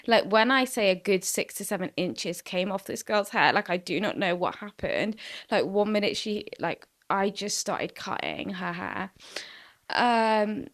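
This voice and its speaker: A woman's voice: medium pitch, expressive, moderate pace, dry recording, clean studio sound. A woman in her twenties hosting a podcast solo, telling a story in a chatty, sweary way full of "like" fillers. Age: 20s. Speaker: podcast host. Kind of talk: casual solo podcast chat.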